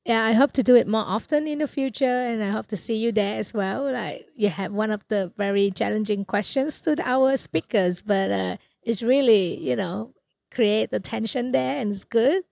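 A woman's voice: on the high side, normal speed, vocal fry, darkish tone, no echo. A woman from Vietnam, a guest mentor in an interview, chatting in non-native English with many "like" and "so" fillers. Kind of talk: conversational interview.

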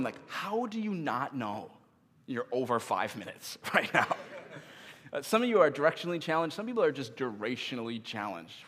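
A man's voice: medium pitch, fairly bright tone. A man in his thirties preaching a sermon in a casual, conversational way, with self-deprecating humor. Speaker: pastor. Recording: long hall reverb.

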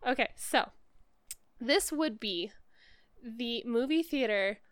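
A woman's voice: on the high side, lively intonation, takes it slowly, dry recording. A woman guesting on a podcast, playful and giggly in casual chat.

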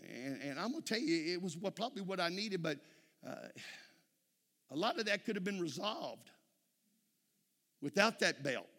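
A man's voice: high-pitched, lively intonation, normal speed, long pauses, fairly bright tone, big-room sound. A man preaching a sermon in a church, telling folksy stories and calling out "amen?" to the congregation. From Texas. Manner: folksy storytelling, frequent "amen?" calls to the congregation. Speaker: pastor.

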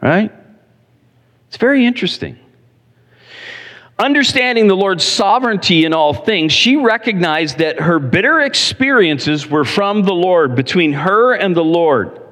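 A male pastor preaching a sermon to his congregation, telling stories in an animated, direct way. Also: high-pitched, a little slow. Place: church. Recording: long reverb in a large hall.

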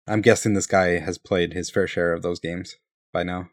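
A man's voice: sits low, level tone, moderate pace, no echo, studio quality. A man co-hosting a casual chat show, laughing often and reading listener letters aloud. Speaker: podcast co-host reading letters.

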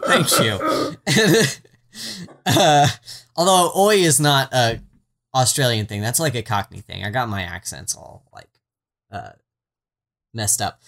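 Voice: medium pitch, lively intonation, takes it slowly, vocal fry, pauses often, fairly bright tone. A podcast co-host recapping a TV series in casual chat, rambling through asides with a wry, sarcastic edge and the odd swear word. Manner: rambling and self-interrupting, with frequent "like" and "um" asides.

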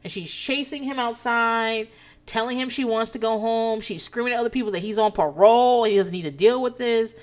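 A woman casually recapping a reality TV episode, animated and profane, laughing often as she talks. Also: a little high, fairly quick. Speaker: TV recap host.

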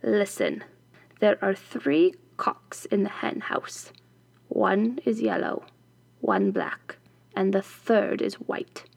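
A woman voicing a furious, scheming witch who shrieks orders and hisses low threats, in a slow storybook reading. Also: wildly swooping pitch, vocal fry, no room sound, full character voice. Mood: low menacing. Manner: menacing, shifts between shrill shouts and low hissing threats.

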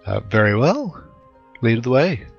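A man voicing a polite male adventurer who speaks formally and hesitantly, halting often. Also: medium pitch, big pitch swings, vocal fry, husky, lo-fi sound, faint music behind, exaggerated voice. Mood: formal, evasive.

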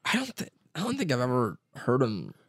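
A man's voice: medium pitch, a little fast, dry recording, studio quality. Joking young man in casual chat. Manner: swearing, joking, animated impressions.

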